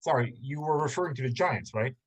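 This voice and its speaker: A man running a tabletop game over a video call, mid-pitched and measured. He fills his pauses with ums as he works out distances and moves the scene along. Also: lively intonation. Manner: hesitant, many ums, measured. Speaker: game master.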